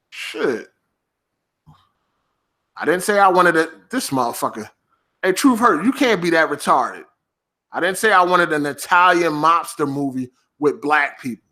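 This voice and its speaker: A podcast host, swearing heavily as he talks casually and snaps back at his livestream chat. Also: a little high. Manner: profane, animated, reacting to chat.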